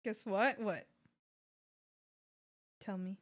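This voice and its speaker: A woman's voice: medium pitch, extremely slow, no room sound. A young adult woman streaming while she draws, chatting casually and gushing, sometimes squealing or whispering. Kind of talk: casual chat while drawing.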